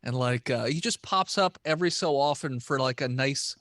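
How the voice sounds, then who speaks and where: A man's voice: mid-range voice, moderate pace, fairly bright tone, no room sound, clean studio sound. A man joining a podcast as a guest, reacting casually to a film with hesitant, hedging remarks. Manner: lots of short agreeing backchannels, hesitant. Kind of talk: casual movie chat.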